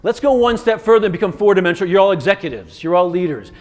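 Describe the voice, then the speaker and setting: A man giving an interactive keynote as a communication coach, energetic and firing quick commands at the audience. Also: high-pitched. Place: conference stage in a large hotel venue.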